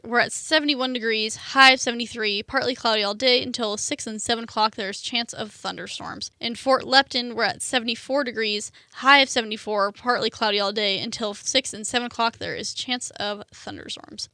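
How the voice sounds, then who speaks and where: Young woman doing student radio, bright voice, chatty with lots of likes and ums, dry studio mic. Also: fairly high pitch, brisk, gravelly, hardly any pauses, dry recording. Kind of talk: casual radio show chat.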